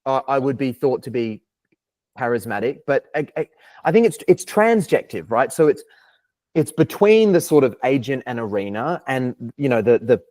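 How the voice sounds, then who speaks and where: A man's voice: medium pitch, big pitch swings, moderate pace, darkish tone. Thoughtful Australian man hedging his ideas. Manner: thoughtful, hedging, philosophical, many restarts. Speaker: podcast guest. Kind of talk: casual interview chat.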